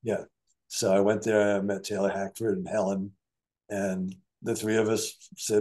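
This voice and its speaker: A man's voice: on the low side, normal speed. Older man telling studio stories. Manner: animated anecdotes, acts out dialogue. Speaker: session guitarist, guest. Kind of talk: storytelling in an interview.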